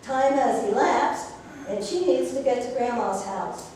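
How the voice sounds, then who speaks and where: A woman's voice: fairly high pitch, unhurried, mellow, a little hiss or hum. A woman minister telling a fairy tale in a sermon, playful and chatty with the congregation. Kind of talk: storytelling sermon. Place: church sanctuary. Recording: echoey hall from far off.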